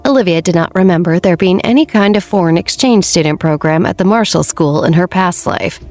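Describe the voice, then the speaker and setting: A woman narrating an audiobook romance novel in a steady, even storytelling manner. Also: on the low side, fairly quick, soft background music. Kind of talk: scripted narration.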